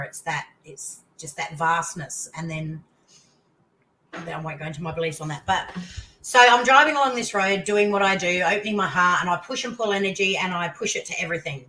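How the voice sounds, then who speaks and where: An older Australian woman, fairly low-voiced, chats as a guest and tells her story with lively exclamations that jump up in pitch. Faint background noise hums behind her. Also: poor audio. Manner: animated storytelling, voice leaping into exclamations. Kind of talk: casual interview chat.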